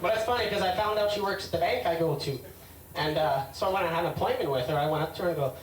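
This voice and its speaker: During a rambling, hesitant stand-up set, a man with a fairly high pitch talks fast and spars with hecklers. Heard through a distant mic in a roomy club, the recording is very noisy with a loud crowd.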